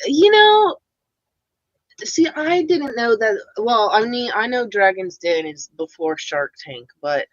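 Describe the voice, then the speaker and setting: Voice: mid-range voice, very animated, takes it slowly, no room sound, highs cut off. Blunt, swearing reaction streamer. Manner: rambling, blunt, swears often. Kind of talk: casual reaction commentary.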